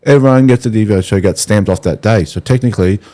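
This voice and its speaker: Deep, mellow Australian podcast host. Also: male voice, quick pace. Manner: rambling, hesitant, full of restarts. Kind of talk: casual conversation.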